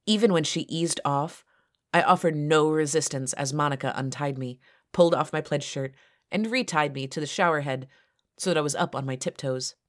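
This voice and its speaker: A woman author narrating her own first-person story in a steady, low-key reading. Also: moderate pace.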